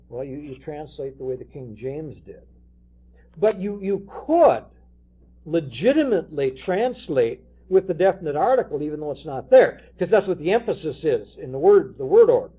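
A man's voice: a little high, dark tone, slightly rough. A man preaching a sermon, explaining scripture and reading verses aloud with emphasis.

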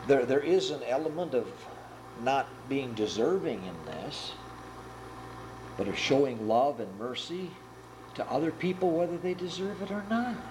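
A man preaching a sermon and retelling a parable with earnest, animated storytelling. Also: mid-range voice, moderate pace, noisy background.

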